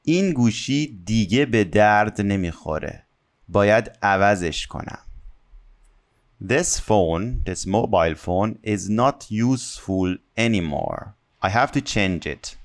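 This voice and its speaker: Slow-explaining male teacher. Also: fairly low pitch, lively intonation. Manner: reads Persian examples quickly, then explains slowly in English. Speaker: Persian language teacher. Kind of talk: language lesson, explaining example sentences.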